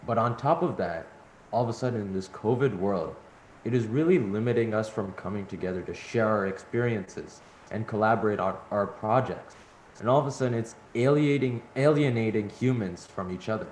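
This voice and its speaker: A man's voice: on the low side, fairly quick, a little mellow. A man moderating an online event, responding to a speaker in a rambling way with restarts and fillers. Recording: echoey room with faint hum.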